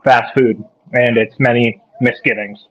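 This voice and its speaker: A man speaks slowly at a mid pitch and adds wry remarks to a casual chat. His delivery stays unhurried. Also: flat delivery, muffled recording. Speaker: co-host.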